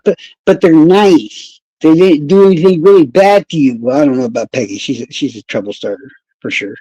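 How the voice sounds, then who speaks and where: Guy streaming, rambly and sarcastic, lots of cursing, pretty high voice, dry close mic. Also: fairly quick, warm tone, no echo, muffled recording. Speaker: true crime streamer. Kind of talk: casual live-stream chat with viewers.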